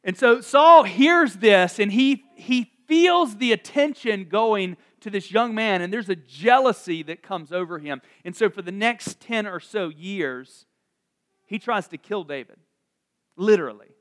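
Man, high voice, casual sermon, chatty storyteller, acts out lines. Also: expressive, a bit bright. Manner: chatty, acts out the characters' lines in quick asides. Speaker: preacher.

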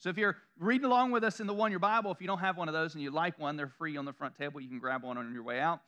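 Bright-voiced Southern pastor preaching. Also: male voice, fairly high pitch, very fast, dull audio. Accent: Southern American. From Southern United States. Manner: conversational, chuckles often, self-deprecating asides. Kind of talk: sermon. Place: church room before a congregation.

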